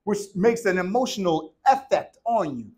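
High-voiced playful preacher man. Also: very animated, normal speed, darkish tone. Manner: playful, conversational preaching with call-and-response. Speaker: pastor. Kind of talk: sermon. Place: church sanctuary. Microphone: handheld or worn microphone.

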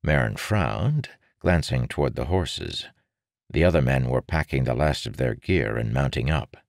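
Very deep-voiced male audiobook narrator. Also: expressive, measured pace, creaky, no room sound, clean studio sound. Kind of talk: scripted narration.

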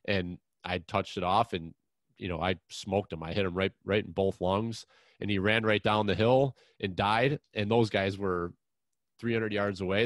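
Deep-voiced man, dry close sound. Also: no echo. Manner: rambling, frank, restarts often, mild swearing. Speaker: podcast host. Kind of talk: casual chat, long personal anecdote.

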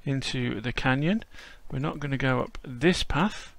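A man's voice: mid-range voice, unhurried, creaky. A man narrating a casual walkthrough as host, chatty and whimsical.

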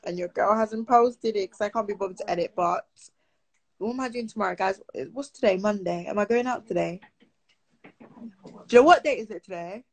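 A woman's voice: mid-range voice, a little fast, breathy edge, low-quality recording. A teenage girl from Britain, chatting casually on a live stream and answering viewer comments aloud.

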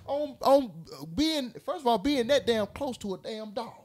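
A man telling a story on a casual podcast, loud and animated, with plenty of cursing. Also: extremely high pitch, normal speed. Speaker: podcast host.

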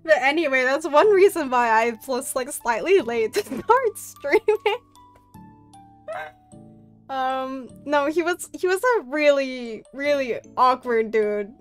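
A woman's voice: high voice, animated, slow pace, soft background music. A young woman streaming from home, telling a story in a casual chat, rambling with many fillers and laughing often.

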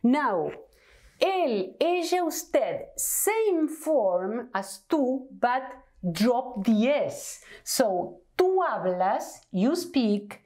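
A woman's voice: a little high, sing-song, drawn-out words, warm tone. A woman with an Argentine accent, a Spanish teacher explaining grammar patiently at a whiteboard, checking in often with the class. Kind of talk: whiteboard language lesson.

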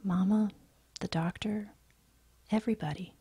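A woman voicing a frail, timid little boy who clings and pleads, in a soft, raised voice. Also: medium pitch, steady tone, a little slow, husky, no echo.

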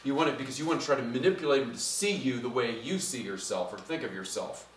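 Middle-aged pastor preaching in an echoey church. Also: male voice, medium pitch, fast talker, recorded from a distance, a little hiss or hum. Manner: conversational, animated, gets louder when preaching. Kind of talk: sermon. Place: church sanctuary.

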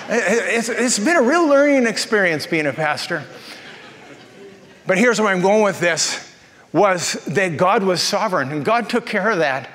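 High-voiced joking pastor in a hall. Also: male voice, normal speed. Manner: jokey, animated storyteller. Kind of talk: humorous sermon storytelling. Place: church auditorium. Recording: reverberant church hall.

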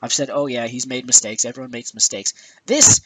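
A man's voice: mid-range voice, steady tone, quick pace. A man hosting a gaming video, ranting angrily and swearing often with exasperated sighs, recorded on a headset with some static. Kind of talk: angry rant. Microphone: new headset.

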